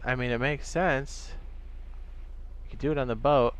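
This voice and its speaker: A young man casually chatting on a gaming live stream, excitable and chatty, tossing in playful sound effects. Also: mid-range voice, moderate pace, long pauses, a little hiss or hum.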